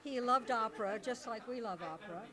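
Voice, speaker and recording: A woman's voice: fairly high pitch, a little fast, crowd noise. Woman chatting at a noisy crowded event. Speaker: soap opera actor. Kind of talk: casual reminiscing in an interview.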